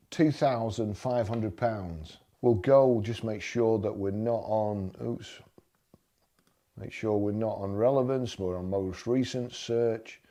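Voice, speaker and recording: A man's voice: lowish voice, dark tone. A man giving a blunt, exasperated commentary while browsing car listings, repeating himself when riled. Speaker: motoring vlogger. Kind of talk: screen-browsing commentary and rant.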